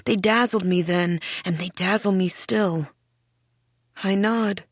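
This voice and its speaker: A woman reading a first-person mystery audiobook in a measured, hushed way. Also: mid-range voice, no echo, clean studio sound. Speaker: audiobook narrator. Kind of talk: scripted first-person narration.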